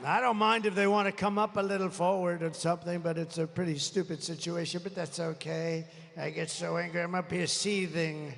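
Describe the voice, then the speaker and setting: A man with a strained throat giving a rambling, combative campaign rally speech, swinging between muttering and shouting, recorded live at a large rally venue. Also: high voice, level tone, a little fast, gravelly, few pauses, a little hiss or hum. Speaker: political candidate. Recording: live rally with long reverb.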